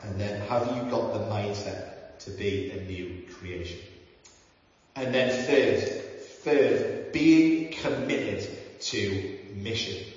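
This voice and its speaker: A man's voice: fairly low pitch, takes it slowly, a little mellow. Man preaching in an echoey hall. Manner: earnest, conversational, with frequent ums and restarts. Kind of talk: sermon. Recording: roomy, echoey hall, mic at a distance, dull sound.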